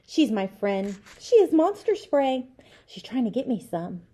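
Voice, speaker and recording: A woman voicing an excitable little boy who chatters nonstop in a high, eager voice. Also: a little slow. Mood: chattering.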